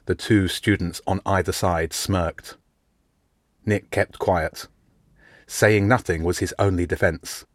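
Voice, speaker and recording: Low-voiced male audiobook narrator. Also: fairly even intonation, takes it slowly, no echo, clean studio sound.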